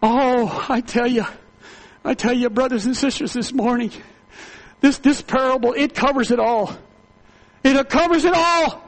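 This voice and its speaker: Fervent preacher man with a gravelly voice. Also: extremely high pitch, fairly even intonation, moderate pace, low-quality recording. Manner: fervent, repetitive preaching with rising shouts. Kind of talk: sermon.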